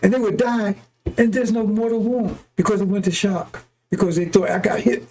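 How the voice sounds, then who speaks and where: With a high-sitting voice and a dark tone, a man preaches at normal speed in a heated, profane, unscripted monologue. He keeps repeating points and asking "right?" or "see?" There's slight background noise.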